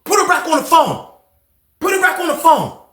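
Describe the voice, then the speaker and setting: A man acting out an angry father who yells, curses and repeats himself in an echoey room. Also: extremely high pitch, sing-song, normal speed, voice pushed up, exaggerated voice. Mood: furious. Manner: yelling, cursing, repeating himself.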